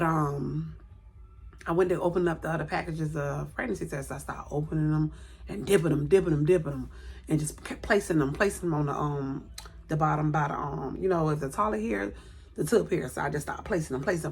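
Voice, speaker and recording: Her voice sits low and dark, brisk with vocal fry and a little hiss or hum, as this late-thirties vlogger shares a personal story on camera. Indoors at home by a light, she repeats words for emphasis and acts out people's lines.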